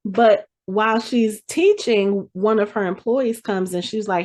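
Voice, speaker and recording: This podcast host has a mid-range voice and speaks a little slowly, with hardly any pauses. She recaps a TV episode in casual chat, animatedly acting out the characters' lines for fun.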